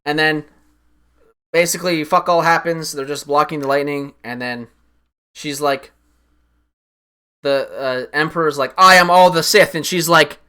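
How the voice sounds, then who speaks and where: A young man casually recapping a film on a stream, rambling and profane, excitedly acting out lines from the scenes. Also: on the high side, a little slow, long pauses, clear, resonant tone.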